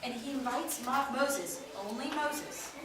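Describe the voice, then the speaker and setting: Animated woman teaching kids, echoey room. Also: high-pitched, unhurried. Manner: expressive storytelling, quizzing the children. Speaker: children's Bible teacher. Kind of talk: animated Bible lesson for kids. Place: classroom with children. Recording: echoey room, far from mic, noisy.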